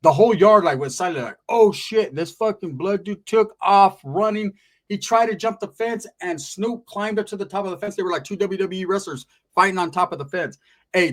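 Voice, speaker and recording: A man's voice: high voice, a bit bright. A man telling stories in casual, slang-heavy talk, acting out what other people said. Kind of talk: casual storytelling.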